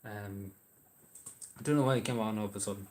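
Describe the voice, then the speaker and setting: Irish guy on a stream, fairly low voice, lots of ums, just rambling to chat. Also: fairly even intonation, a little fast, a little mellow. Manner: rambling and hesitant, many ums and restarts. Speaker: livestreamer. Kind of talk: casual livestream chat answering viewer messages.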